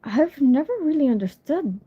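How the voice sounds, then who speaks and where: A woman's voice: high voice, lively intonation, moderate pace, pitched above the performer's own voice. A woman voicing a proud, ageless female unicorn in a storybook reading, speaking with dignified scorn. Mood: musing. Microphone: phone. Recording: lo-fi phone recording.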